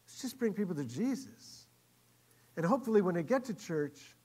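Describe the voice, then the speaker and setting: Guy preaching, kinda high husky voice, swings from loud to real quiet telling a story. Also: big pitch swings, normal speed. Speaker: pastor. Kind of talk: sermon storytelling.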